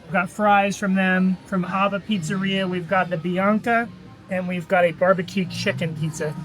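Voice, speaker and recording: A man's voice: sits high, steady tone, normal speed, fairly bright tone, faint music behind, rough recording. Upbeat British man listing food. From Britain. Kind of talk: casual vlog, listing food.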